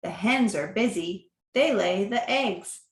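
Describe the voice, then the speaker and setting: Slow, lively woman reading aloud. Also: mid-range voice. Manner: slow, animated, with animal sounds. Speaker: reader to a child. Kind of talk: reading picture books aloud. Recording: echoey room.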